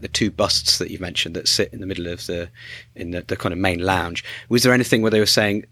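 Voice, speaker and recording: Male podcast host, low and bright, dry close sound, rambling questions. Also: no room sound. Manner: long rambling questions with restarts. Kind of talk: interview questions.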